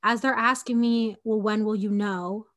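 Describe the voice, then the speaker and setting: A young woman in her twenties tells a personal story in a loose, conversational way. She scatters "like" and fillers through her talk and acts out what each person said. Her voice sits at an ordinary middle pitch for a woman. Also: fairly even intonation, moderate pace. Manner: conversational, frequent "like" and fillers, acts out quoted dialogue.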